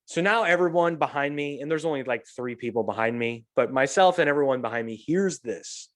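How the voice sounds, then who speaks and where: Animated, swearing male podcast host. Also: mid-range voice, a little fast, few pauses. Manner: animated storyteller, swears freely, acts out quotes. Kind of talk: casual podcast chat.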